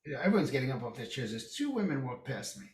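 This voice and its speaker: Animated man telling stories, roomy echo. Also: mid-range voice, very fast. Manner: animated, acts out quoted voices. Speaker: podcast guest. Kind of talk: casual storytelling chat. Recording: roomy echo, distant mic.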